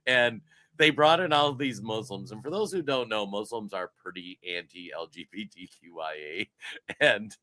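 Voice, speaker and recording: Low-voiced, forceful male podcast host. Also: a little slow, no room sound. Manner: rambling, laughs while talking, restarts often. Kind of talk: casual political chat.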